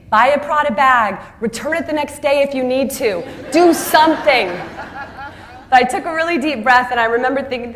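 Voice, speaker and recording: Middle-aged woman speaker, animated storyteller, mid-range voice, acts out the quotes. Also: medium pitch, a little hiss or hum. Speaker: entrepreneur and speaker. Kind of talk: storytelling speech.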